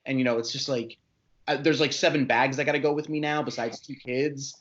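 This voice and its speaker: A man's voice: mid-range voice, steady tone, brisk, dull audio. Easygoing man chatting as podcast guest. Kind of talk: casual podcast chat.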